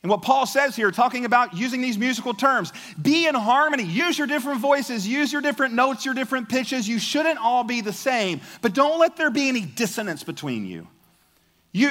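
A man preaching a sermon as a pastor, in a conversational, animated way that often repeats words. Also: very high-pitched, brisk, in a large hall.

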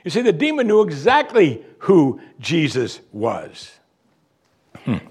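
A man's voice: a little high, wildly swooping pitch, slow pace, slightly rough. A man, a pastor, preaching an expository sermon in a conversational way and acting out quotes from the text.

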